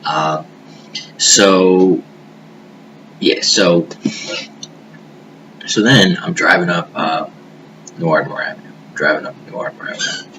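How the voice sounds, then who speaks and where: Low-voiced man rambling over hiss. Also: animated, a little slow, pauses often, lo-fi sound. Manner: rambling, profane, drops into hushed murmurs. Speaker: vlogger. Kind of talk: rambling personal monologue. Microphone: webcam. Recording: noisy hiss behind the voice.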